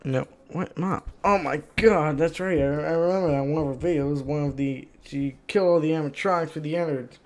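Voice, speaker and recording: A man narrating his own game session, his voice sitting fairly high as he pleads and yells at the screen. He sounds exasperated, swinging between frantic shouts and muttered complaints. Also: a little fast, few pauses. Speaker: gaming channel host. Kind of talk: excited gameplay commentary.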